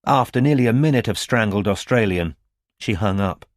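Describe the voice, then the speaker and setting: A man narrating an audiobook in a measured, even reading, recorded on a close studio mic. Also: lowish voice, dry recording. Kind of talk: scripted narration.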